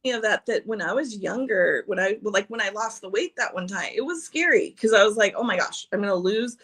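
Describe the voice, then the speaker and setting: A woman's voice: mid-range voice, lively intonation, fairly quick, fairly bright tone. Chatty woman sharing personal stories. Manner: chatty, laughs often, restarts a lot. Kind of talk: casual personal chat.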